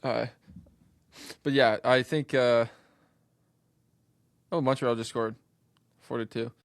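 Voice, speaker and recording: A man's voice: medium pitch, steady tone, takes it slowly, vocal fry, dry recording, clean studio sound. A man co-hosting a casual sports podcast, laid-back and laughing, often repeating himself. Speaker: podcast co-host.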